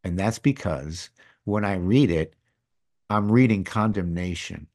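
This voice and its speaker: A middle-aged man telling a personal story as a podcast guest, candid and rambling, his voice dropping to a hush and rising again. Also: deep voice, unhurried. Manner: candid, rambling, swings between loud and hushed. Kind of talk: casual storytelling.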